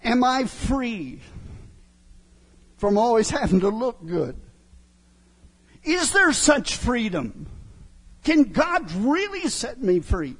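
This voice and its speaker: A man's voice: very high voice, big pitch swings, slightly rough. A middle-aged male preacher giving a sermon, emphatic, often asking his listeners "huh?". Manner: slow, emphatic, asks the crowd "huh?" often.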